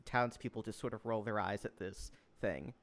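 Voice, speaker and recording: A man running a tabletop game as game master, narrating with many pauses and filler words. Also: lowish voice, fairly even intonation, a bit bright. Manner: halting, full of filler words.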